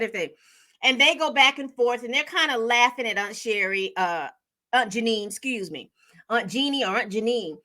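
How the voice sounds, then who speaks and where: Woman, high bright voice, chatty TV recap host, lots of fillers. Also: moderate pace. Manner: chatty, animated storytelling with acted-out quotes; frequent fillers and self-corrections. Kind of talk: casual TV episode recap.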